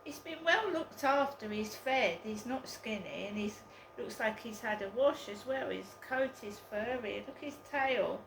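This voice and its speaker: A woman's voice: on the high side, lively intonation, gravelly, echoey room, noisy background. A woman telling a story in a casual vlog, hesitant and full of ums. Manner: slow, hesitant, with many ums. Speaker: vlogger.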